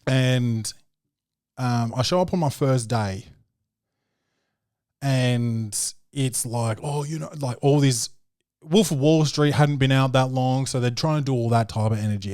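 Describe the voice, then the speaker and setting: A man's voice: medium pitch, measured pace, a little mellow, dry recording, studio quality. A man with an Australian accent hosting a podcast, telling a story in a loose, rambling way, full of fillers and swearing. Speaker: podcast host. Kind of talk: casual podcast monologue.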